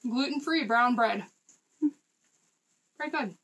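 An American woman co-hosting a vlog, chatting casually while tasting snacks and telling stories with quick asides and laughs. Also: a little high, a bit bright, low-quality recording. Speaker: vlog co-host.

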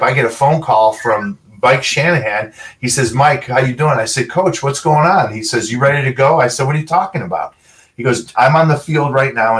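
A man's voice: mid-range voice, far from the mic. A middle-aged man, a former pro football player, telling stories as an interview guest and acting out the dialogue. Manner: animated storyteller, acts out quoted dialogue. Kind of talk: casual storytelling.

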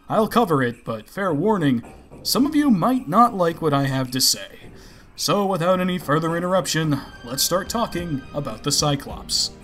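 A man with a slightly high voice narrates a scripted explainer in a wry, self-deprecating tone. Faint music plays under his voice. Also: fairly bright tone. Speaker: host of a video series on game mechs.

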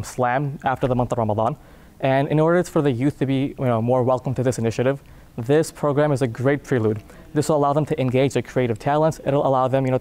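A man's voice: medium pitch, darkish tone. A man speaking as a community youth organizer in an interview, fluent with frequent "you know" fillers. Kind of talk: interview explanation.

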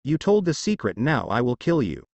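Hot-tempered dragon mother, booming then gushing, lively pitch, read by a man, dry. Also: moderate pace, creaky, no room sound, highs cut off. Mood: furious.

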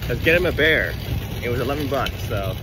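A man's voice: medium pitch, animated, brisk, background noise. A man vlogging a shopping trip with his toddler, talking in a playful sing-song baby-talk way and laughing often, inside a big warehouse store. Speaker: vlogger dad. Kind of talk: casual family vlog chat. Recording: background music under the voice.

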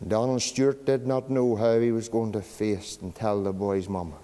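A man preaching a sermon in a church, using slow dramatic pauses and dropping to a hush on key words. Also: fairly low pitch, fairly even intonation. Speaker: pastor. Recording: long church reverb.

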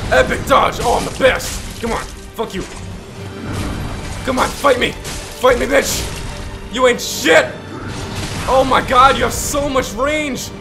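A high-voiced man commentates his video game playthrough, swearing and yelling at it. His pitch jumps all over the place, and he drops into mock-heroic lines now and then. Music plays clearly behind him. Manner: loud, profane, screaming reactions to the game. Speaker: gaming YouTuber. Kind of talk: let's play commentary.

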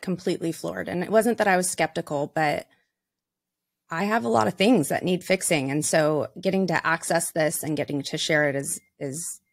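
Woman host with a low voice, dry sound. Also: vocal fry, no room sound. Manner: effusive, grateful. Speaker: podcast host. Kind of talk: interview chat.

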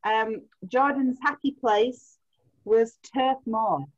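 A woman's voice: on the high side, steady tone, slow. Chatty woman hosting a quiz on a video call. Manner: chatty, laughs easily, stretches out answers. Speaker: quiz host. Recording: muffled lo-fi video call audio.

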